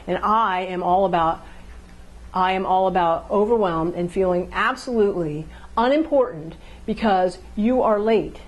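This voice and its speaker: A woman gives a talk on how couples communicate. She keeps it casual and conversational, and she acts out quick exchanges between partners to show each point. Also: mid-range voice, expressive, poor audio. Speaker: relationship speaker.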